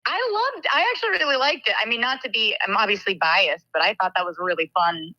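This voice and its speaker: A woman's voice: mid-range voice, animated, fast talker, pushed and bright, no room sound, dull audio. A woman guest on a casual video-call interview, playful and self-mocking. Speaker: guest actress reading old diary.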